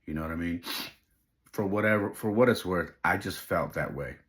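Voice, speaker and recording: A man's voice: sits low, normal speed, a bit bright. A middle-aged man hosting a podcast, telling a personal story in an emotional, tearful way while crying. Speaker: podcast host.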